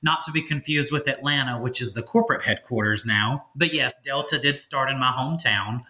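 A man in his thirties from Louisiana, calmly explaining things as a podcast guest in a polite, easy conversational way. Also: mid-range voice, fairly quick. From Louisiana, USA. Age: 30s. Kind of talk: casual interview chat.

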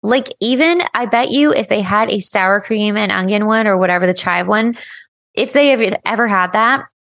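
A woman's voice: mid-range voice, normal speed, gravelly, fairly bright tone. A woman co-hosting a podcast in casual chat, tired but friendly and easygoing, close on a microphone. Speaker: podcast co-host. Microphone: close studio microphone.

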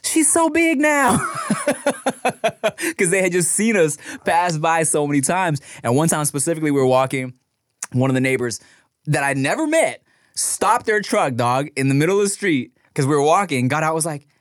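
Animated rambling man, new father. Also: fairly high pitch, normal speed, no room sound, studio quality. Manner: rambling, profane, animated storytelling with restarts. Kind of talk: casual chat while eating.

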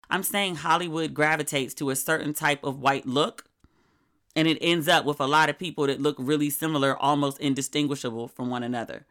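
A middle-aged woman hosting a podcast, chatting casually in a candid, wry, animated way. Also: low-pitched. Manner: candid, wry and animated, with sudden quoted outbursts. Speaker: podcast host. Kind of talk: casual solo podcast chat.

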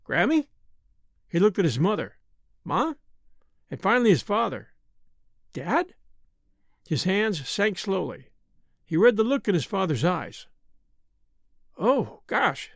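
A man voicing an excited young boy who plays at being a rocket. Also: sits high, slow, creaky, long pauses, no room sound, clean studio sound, heavily acted. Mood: uneasy. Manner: exuberant, shouting playfully.

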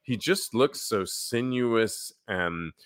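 A man's voice: on the low side, slow, clean tone. A man hosting a podcast, chatting casually and telling stories with lots of laughter. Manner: animated, laughing, storytelling. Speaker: podcast host. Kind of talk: casual chat.

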